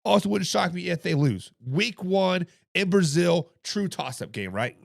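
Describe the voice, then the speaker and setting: A man hosts a casual sports talk live stream, chatting with viewers in the chat. His voice sits high and is heavily gravelly and hoarse. The recording is dry and close. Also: lively intonation, measured pace, no room sound. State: hoarse from coaching. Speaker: podcast host.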